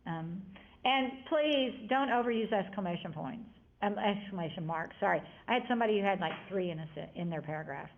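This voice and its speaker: A woman's voice: mid-range voice, expressive, brisk. A woman teacher giving a grammar lesson to a class, chatty and prone to rambling asides as she explains. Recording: tinny lo-fi classroom audio.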